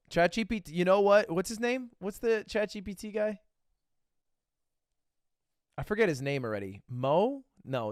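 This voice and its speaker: A man's voice: high voice, dry recording, clean studio sound. A man streaming live, chatting casually and reacting to videos with profane jokes. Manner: animated, profane, joking.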